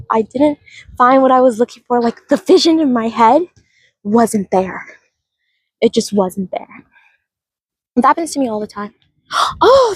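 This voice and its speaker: Walking outdoors through a park, a woman chats on a casual livestream and calls out viewers by name, filming on a handheld phone. Her voice sits high and a touch rough; there's no echo, but the audio quality is poor.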